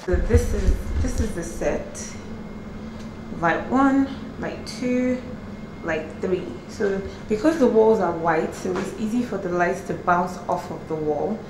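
A woman's voice: medium pitch, slow. Young woman vlogging at home, chatty and playful, talking right to the camera, bit of room hiss. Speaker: beauty and lifestyle vlogger. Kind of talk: casual behind-the-scenes vlog. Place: at home, among her filming lights.

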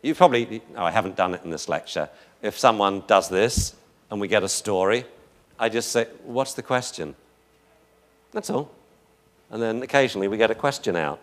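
A man's voice: lowish voice, normal speed, pauses often. A man giving a live lecture on dog behavior in a chatty, joking, anecdotal way.

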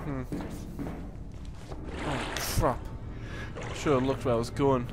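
A man commentating a horror game as he plays, muttering and swearing, then breaking into panicked shouts. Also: mid-range voice, fairly even intonation, slow, over music. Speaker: gaming commentator.

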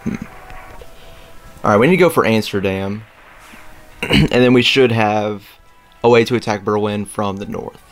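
A young man with a lowish voice talks through a strategy game in a loose, rambling way, full of ums, likes and throat clearing. Faint game music runs quietly underneath his voice. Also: a little slow, pauses often. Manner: rambling, filler-heavy, frequent throat clearing. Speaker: let's play host. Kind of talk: casual gameplay commentary.

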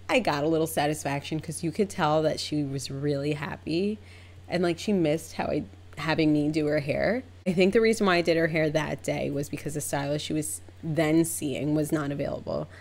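A young adult woman, a hairstylist, telling a story in a casual, chatty way, acting out both sides with big jumps in pitch. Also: darkish tone. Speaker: hairstylist and vlogger.

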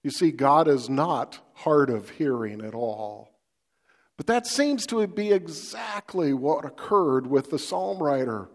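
A man's voice: on the high side, big pitch swings, slow, long reverb tail. A pastor, a man, giving a folksy, conversational devotional sermon and often putting questions to the listener.

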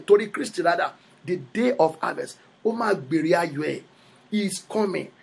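Male preacher, Yoruba accent, high gravelly voice, husky tone, emphatic repetition. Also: lively intonation, moderate pace. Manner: switches between English and Yoruba, repeats phrases for emphasis. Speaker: prophet preaching. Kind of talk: sermon.

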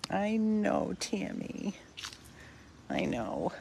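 A middle-aged woman talks about her rescue dogs at an unhurried, leisurely pace. She chats casually and often drifts off mid-sentence, filmed on a handheld phone in an outdoor backyard. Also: medium pitch, huge pitch swings, gravelly, a little mellow, slight background noise. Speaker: dog rescue volunteer. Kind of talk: casual vlog chat.

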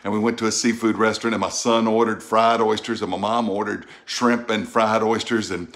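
A middle-aged Louisiana man with a Southern accent unboxes and tastes food on his own vlog, chatting in a folksy way with animated outbursts. His voice is lowish and a little fast.

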